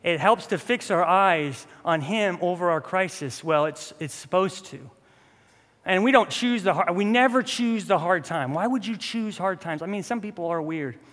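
A man's voice: high-pitched, lively intonation, normal speed, fairly bright tone. A man in his thirties preaching a casual, humorous sermon, acting out bits of his stories. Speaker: pastor. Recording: long reverb in a hall.

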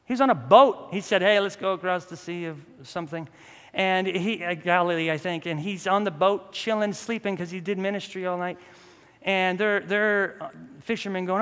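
High-voiced male pastor preaching in a hall. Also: normal speed, a bit bright, smooth. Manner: casual and humorous, acts out bits of stories. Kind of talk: sermon. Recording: long reverb in a hall.

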